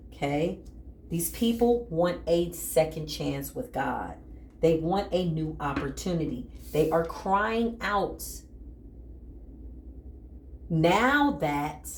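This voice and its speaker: A woman's voice: on the low side, darkish tone, echoey room, slight background noise. A woman giving a dramatic spiritual tarot reading, talking straight to her viewers in an emphatic, casual way. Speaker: tarot reader.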